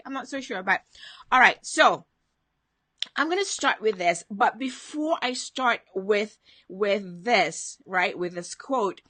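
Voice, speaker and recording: A woman's voice: medium pitch, lively intonation, unhurried, bright, forceful tone, dry recording. A woman hosting a motivational live stream from home, chatting casually, greeting viewers by name and reading out their comments.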